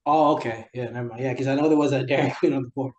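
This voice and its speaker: A man's voice: medium pitch, fairly even intonation, racing, lo-fi sound. A young man with a New York accent hosting a casual podcast chat, easygoing, laughing often and searching for words. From New York City. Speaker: podcast host.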